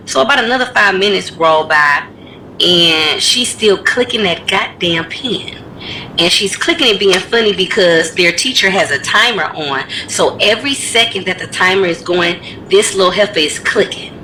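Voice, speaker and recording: Woman vlogger, casual rant, animated and blunt with cursing, bright forward tone, faint rumble underneath. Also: moderate pace, rough recording. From United States. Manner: animated storytelling, blunt and profane.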